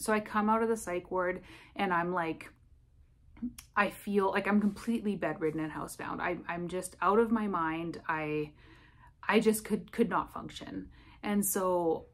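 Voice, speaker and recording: A woman giving candid personal testimony to camera, speaking in a halting, emotional way with frequent restarts. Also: lowish voice. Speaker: vlogger sharing a personal experience.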